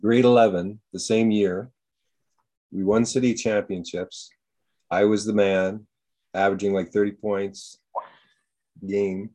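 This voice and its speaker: A man chatting casually, earnest and halting, repeating himself as he talks. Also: lowish voice, flat delivery, warm tone. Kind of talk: casual chat.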